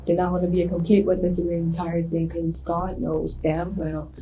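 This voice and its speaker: Young woman, lowish voice, defensive and offhand, muffled interrogation tape. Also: completely flat delivery, moderate pace, mellow, a little hiss or hum. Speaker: suspect in a police interview. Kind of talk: recorded interrogation. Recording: muffled lo-fi interview room audio.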